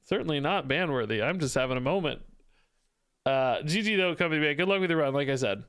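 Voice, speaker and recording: A man's voice: a little high, lively intonation, fast talker, a bit bright, clear, resonant tone. A young man streaming a card game, chatting to his viewers in a loose, self-mocking way and laughing often. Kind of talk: casual gameplay commentary.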